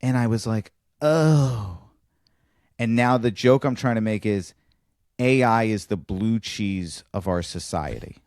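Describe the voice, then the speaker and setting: Male podcast co-host, low-pitched, animated stand-up storytelling, dry studio mic. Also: normal speed, no room sound. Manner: animated storyteller, acts out dialogue with big pitch jumps. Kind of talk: casual chat, telling a stand-up bit.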